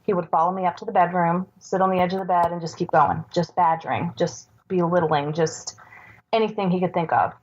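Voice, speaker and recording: Woman, forties, podcast guest, earnest, halting, low voice, muffled recording. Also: slight background noise. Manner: earnest, halting, with many restarts. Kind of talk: personal storytelling in a podcast interview. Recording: dull lo-fi recording.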